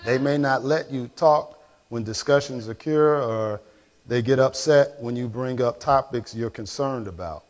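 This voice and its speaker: A man's voice: mid-range voice, measured pace. A man with a Chicago accent, a pastor, answering questions in a reflective, conversational teaching manner. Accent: Chicago African American English. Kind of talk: church Q&A discussion.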